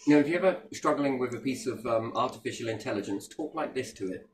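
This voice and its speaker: A man's voice: medium pitch, a little fast, rough recording. Playful man in casual chat. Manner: animated, playful, slips into silly put-on voices.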